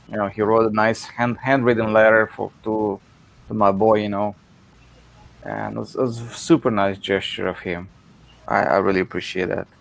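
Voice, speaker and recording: A man taking part in a casual hobby video call, speaking hesitantly with many pauses and fillers. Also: on the low side, creaky. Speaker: participant in a hobby video hangout.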